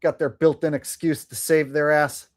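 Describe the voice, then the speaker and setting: A man's voice: fairly high pitch, level tone, moderate pace, no room sound, clean studio sound. A man hosting a live stream, chatting casually and sarcastically, swearing freely and laughing at his own jokes.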